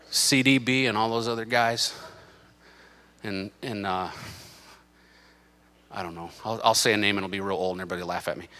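A man's voice: lowish voice, sharp tone. A male pastor preaching a sermon in a church, emphatic and impassioned with lots of repetition. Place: church sanctuary.

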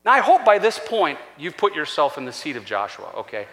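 A man pastor preaching a sermon in a church, animated and acting out scripture voices. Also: a little high, fast talker, few pauses. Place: church sanctuary. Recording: long church-hall reverb.

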